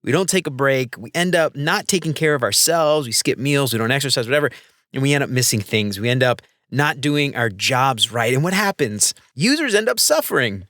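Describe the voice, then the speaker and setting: A man's voice: mid-range voice, animated, fairly quick, a bit bright, no echo, studio quality. A man hosting a casual podcast interview, talking enthusiastically and gushing about his guest. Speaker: podcast host.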